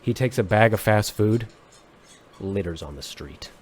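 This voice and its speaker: A man chatting as a podcast guest, telling tall stories with deadpan mock seriousness. His pitch swings widely and lively. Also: unhurried. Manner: deadpan joking, exaggerated mock-serious bits. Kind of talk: comedic podcast chat.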